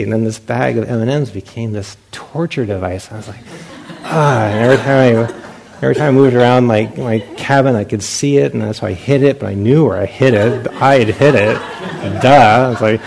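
A man's voice: mid-range voice, brisk, vocal fry, a little mellow. A man who is a meditation teacher, giving a dharma talk at a meditation center as a self-mocking storyteller who acts out his own past thoughts and laughs often.

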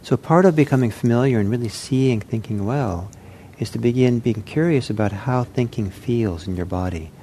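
A man giving an unscripted meditation talk, speaking in a gentle, reflective way with frequent pauses and restarts. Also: mid-range voice, slight background noise. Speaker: meditation teacher.

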